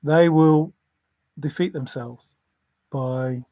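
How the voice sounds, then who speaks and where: A man's voice: fairly high pitch, fairly even intonation, extremely slow, dark tone, no echo. A man hosting a casual livestream, rambling between topics, often chuckling and apologizing. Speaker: livestream host.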